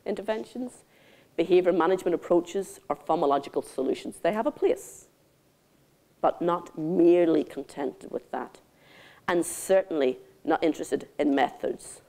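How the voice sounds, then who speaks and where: Warm, dark-voiced older keynote speaker. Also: female voice, low-pitched. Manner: theatrical, intimate, calls audience darlings. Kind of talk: conference keynote speech. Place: conference hall stage.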